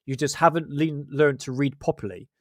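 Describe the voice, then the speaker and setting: A man's voice: fairly high pitch, fairly even intonation, moderate pace, dry recording, studio quality. A man with a West Country English accent hosting a livestream, chatting casually in joking, sweary, self-mocking banter. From Southwest England. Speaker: livestream host.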